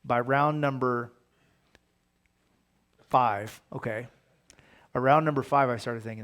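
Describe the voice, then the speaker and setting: A man's voice: medium pitch, slow, pauses often, fairly bright tone. A man, a pastor, teaching a Bible study in a casual, conversational way, often asking his listeners rhetorical questions.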